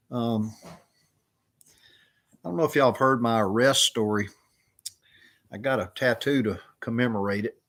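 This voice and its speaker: A middle-aged man, casually rambling through stories on a live chat, with lots of fillers. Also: fairly low pitch. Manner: rambling, drawling with many fillers. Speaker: live stream host.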